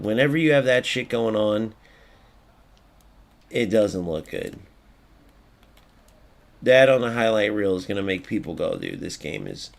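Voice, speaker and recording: A man's voice: on the low side, vocal fry. A man streaming a football video game, commenting live, swearing freely and talking to his viewers. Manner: excitable, swears freely, talks to chat. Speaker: gaming streamer.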